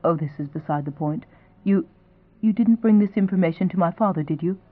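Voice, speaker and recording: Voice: medium pitch, a little fast, no echo, natural voice. A reader voicing a guarded young mother. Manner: clipped, defensive. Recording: dry, thin phone-like sound.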